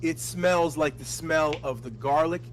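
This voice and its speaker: A man telling crude, animated stories full of cursing in a casual podcast chat. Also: a little high, a little slow, over a noisy crowd, rough recording. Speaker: podcast co-host.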